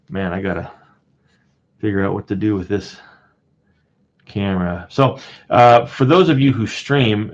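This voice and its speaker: A man with a very deep, low voice talks casually on a live stream, greeting viewers one by one. He rambles with plenty of fillers and restarts and chuckles now and then. The audio is dull and lo-fi. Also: gravelly. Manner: rambling, chatty, reads out viewer names. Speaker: streamer and coin collector.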